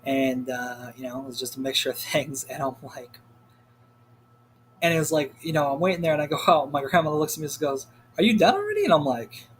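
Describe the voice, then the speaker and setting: A man's voice: medium pitch, fairly even intonation, a little fast, fairly bright tone, slight background noise. A young man telling a story in a rambling, casual rant, full of swearing and filler words. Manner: rambling, profane, heavy on "like" fillers. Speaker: vlogger.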